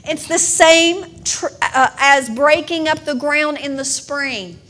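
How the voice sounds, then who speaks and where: A middle-aged woman preaching a sermon, emotional and building to emphatic, drawn-out declarations. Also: sits high, a bit bright.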